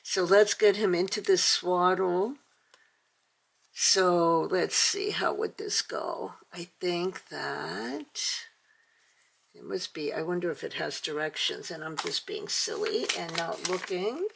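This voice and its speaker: Gushing older woman, low and unhurried. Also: vocal fry, breathy edge. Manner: gushing, chatty, frequent fillers. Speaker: toy channel host. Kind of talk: casual unboxing chat.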